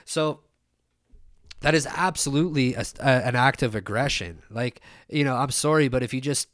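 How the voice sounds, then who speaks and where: A man's voice: mid-range voice, moderate pace, fairly bright tone, no echo, studio quality. A young man talking in a loose, rambling monologue, swearing often and circling back with lots of fillers and restarts. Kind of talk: casual opinion monologue.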